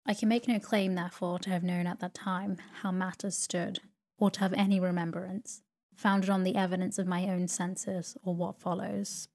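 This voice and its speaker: A woman narrating a classic novel as a sleep story in a calm, even manner. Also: on the low side, moderate pace.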